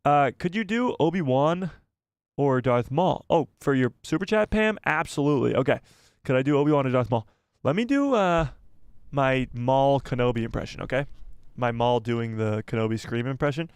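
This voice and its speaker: A man's voice: mid-range voice, lively intonation, normal speed, clear, resonant tone, no room sound. A man hosting a casual live stream, reading out viewer messages and chatting back to them by name, laughing often, on a headset mic.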